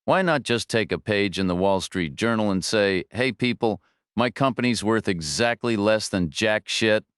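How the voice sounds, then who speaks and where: A man voicing a furious, panicking male finance director who shouts insults while out of breath. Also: lowish voice, expressive, moderate pace, clean tone, no echo, studio quality.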